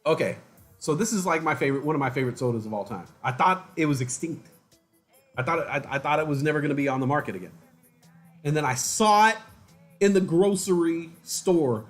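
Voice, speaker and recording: A man's voice: on the high side, lively intonation, fairly quick, soft background music. A man casually chatting to viewers on a livestream, telling rambling stories and mimicking other people's voices. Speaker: livestream host.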